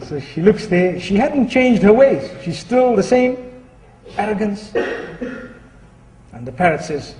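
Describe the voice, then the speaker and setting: A male Muslim preacher telling a humorous story within a sermon, in a lively, chatty storytelling way. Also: sits high, unhurried, long pauses, slight background noise. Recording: echoey hall, distant mic.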